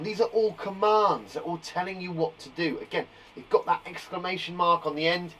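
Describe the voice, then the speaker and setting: Upbeat guy teaching little kids online, high bouncy voice, bit far from the mic, faint hiss. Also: brisk, hardly any pauses. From England. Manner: animated, exclaiming examples with big jumps in loudness. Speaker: primary school teacher. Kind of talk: live online lesson for young children. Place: garden shed classroom.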